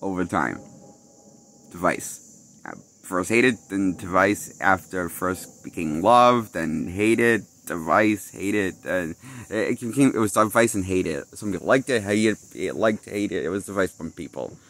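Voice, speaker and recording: Rambling through an offhand film review, a male movie critic loses his thread and chuckles at his own jokes. He talks a little slowly in a low voice with a fairly bright tone.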